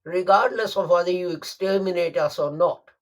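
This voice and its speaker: A man delivering a Friday sermon, emphatic and deliberate, repeating phrases for stress. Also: high-pitched. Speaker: preacher.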